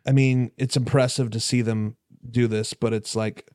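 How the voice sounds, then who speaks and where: A man's voice: mid-range voice, level tone, normal speed, a little mellow, dry recording, studio quality. A man co-hosting a podcast in casual chat, laid-back and hesitant, with lots of fillers. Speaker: podcast co-host.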